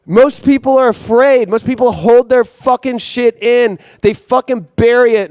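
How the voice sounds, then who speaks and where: Intense profane astrologer man, high voice. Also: a little mellow, no echo, clean studio sound. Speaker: astrologer host. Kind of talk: impassioned astrology monologue.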